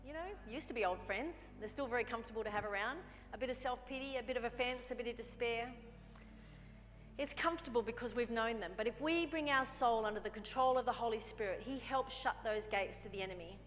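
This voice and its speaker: A woman's voice: a little high, quick pace, a bit bright, in a large hall. A woman preaching a sermon in a conversational way, often acting out little dialogues with herself. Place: church hall.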